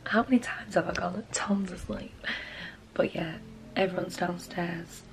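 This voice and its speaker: A British woman whispering softly and tiredly to camera at night in her bedroom. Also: fairly low pitch, steady tone, measured pace, creaky, faint music behind. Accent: British English.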